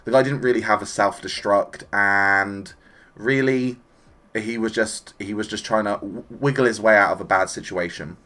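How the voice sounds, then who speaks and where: Here a man with a lowish voice and normal speed delivers an easygoing, excited spoken review of an anime episode. He stays chatty and animated, at times imitating the characters' lines.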